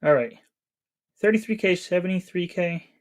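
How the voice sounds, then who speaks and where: A man's voice: sits high, moderate pace. A man in his thirties from New England, chatting casually with his live-stream chat while he plays a game. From New England, USA. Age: 30s. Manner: chatty, reads chat aloud while playing.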